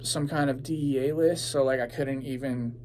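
A man's voice: mid-range voice, steady tone, normal speed, darkish tone, slight background noise. A young man chatting casually as a podcast host, rambling with lots of fillers and swearing freely. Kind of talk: casual chat.

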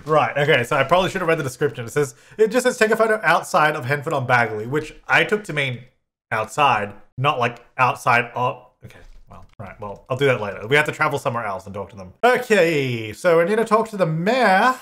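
A man's voice: on the high side, animated, fairly quick, sharp tone. A man hosting a casual let's-play, chatting to the game's characters and exclaiming at glitches as he goes. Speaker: gaming channel host.

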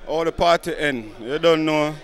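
A man with a Jamaican accent giving apologetic shout-outs in patois at a party. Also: on the high side, normal speed.

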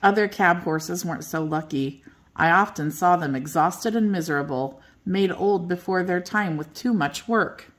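An older woman reading a children's bedtime story aloud in a gentle, expressive way. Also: on the low side, normal speed.

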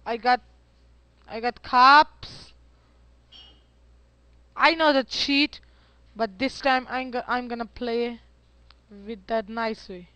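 A man talks through his gameplay in a high, bright voice, drawn out at a very slow pace. He is excitable and keeps up a running chat with himself as he plays. The sound is dry and close. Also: clean tone, no room sound. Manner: excitable, yelps and talks to himself while playing. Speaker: gameplay commentator. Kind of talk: casual let's-play commentary.

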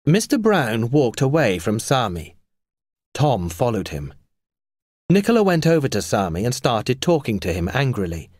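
Man narrating a storybook, lively pitch. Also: no echo, clean studio sound. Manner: clear and measured for learners. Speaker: audiobook narrator.

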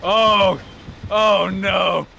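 A man chatting excitably while playing a game with friends, laughing and teasing over voice chat. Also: high voice, extremely slow, creaky. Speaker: gamer. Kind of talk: casual gaming chat. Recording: noisy voice chat.

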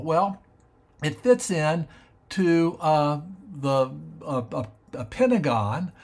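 A man teaching math on a screencast, explaining step by step in an unhurried way and often stopping to rethink his wording. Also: on the high side. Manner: thinking aloud with frequent fillers and restarts. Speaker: math educator.

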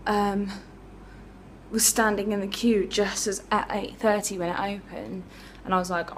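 A woman's voice: mid-range voice, flat delivery, normal speed, slight background noise. A young woman in her twenties, chatting casually to camera in a rambling travel vlog, with lots of fillers. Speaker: vlogger.

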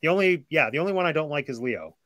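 A man's voice: a little high, expressive, fast, a bit bright, no echo. A man hosting a casual discussion, talking enthusiastically and gushing with frequent fillers. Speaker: host.

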